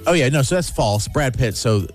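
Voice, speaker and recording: A man's voice: medium pitch, animated, normal speed, faint music behind. A man co-hosting a podcast, joking and laughing in casual chat. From American South. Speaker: podcast co-host.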